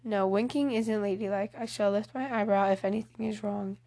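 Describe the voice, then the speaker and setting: A woman's voice: mid-range voice, steady tone, a little fast, dark tone, close to an everyday voice. A woman reading the lines of a fretful, fashion-minded teenage girl in an audiobook, fussy and proper.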